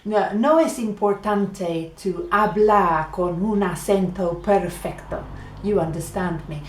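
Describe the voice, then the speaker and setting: A woman gives an unhurried beginner lesson, drawing each word out and repeating it so learners can follow. Her voice is mid-pitched and rings a little in an echoey room. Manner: slow, deliberate, repeats words for practice. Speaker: Spanish teacher. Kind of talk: beginner language lesson mixing English and Spanish.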